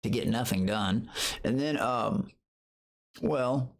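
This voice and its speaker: A man's voice: mid-range voice, takes it slowly, vocal fry. A man chatting casually on his livestream, boasting and taunting his critics while greeting viewers in chat.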